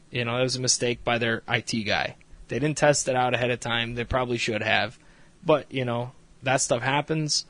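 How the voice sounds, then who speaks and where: A man's voice: medium pitch, a bit bright, no echo. A man casually recapping a reality show episode, rambling and swearing freely with frequent laughs. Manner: rambling, profane, laughs often.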